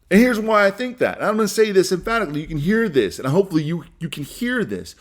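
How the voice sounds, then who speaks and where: A man's voice: high-pitched, big pitch swings, fast, few pauses. A man hosting a solo podcast, talking earnestly and emphatically, repeating key phrases and restarting sentences. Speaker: podcast host.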